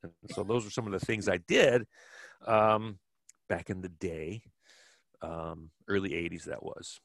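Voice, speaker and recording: A man's voice: low-pitched, fairly even intonation, measured pace, dry recording. A man in his fifties from Kenosha, Wisconsin, telling stories as an interview guest in a rambling way with many restarts. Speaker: guest, former track cyclist. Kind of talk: relaxed storytelling interview.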